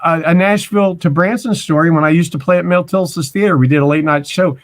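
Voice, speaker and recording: A man's voice: on the high side, fast talker. A man in his forties from Missouri, telling casual stories as a guest, rambling with restarts and stammers. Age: 40s. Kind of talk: casual storytelling.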